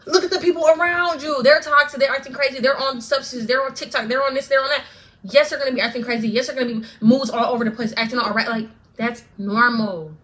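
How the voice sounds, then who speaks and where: A woman's voice: sits high, steady tone, quick pace, a bit bright. A woman vlogger ranting straight to camera, fervent and profane, repeating lines for emphasis. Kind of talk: direct-to-camera rant.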